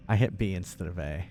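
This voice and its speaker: A man's voice: low-pitched, a little mellow. A man streaming a game, making joking, playful comments as he plays. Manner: joking, playful, talks to the screen.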